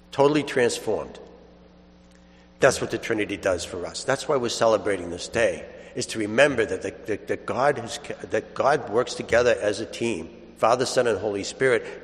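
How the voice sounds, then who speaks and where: A man's voice: lowish voice, in a large hall. A man, a priest, giving a sermon in a conversational storytelling way, chuckling now and then.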